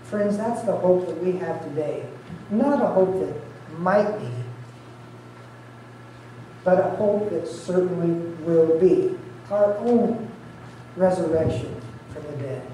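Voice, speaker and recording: A man's voice: high-pitched, lively intonation, takes it slowly, long pauses, warm tone, recorded from a distance, slight background noise. A man preaching an Easter sermon as pastor, earnestly walking his listeners through scripture verse by verse. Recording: very echoey hall, heard from afar.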